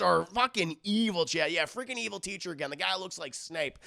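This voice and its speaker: A man's voice: high-pitched, animated, a little fast, gravelly, hardly any pauses, sharp tone. A man casually recapping an anime episode to a live chat, rambling with lots of fillers. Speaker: anime reviewer streaming live.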